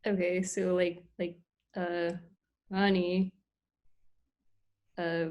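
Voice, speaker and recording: Unhurried woman host, hesitant beginner in casual chat. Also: medium pitch, steady tone, muffled recording. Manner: hesitant, lots of fillers. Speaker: podcast host learning a skill.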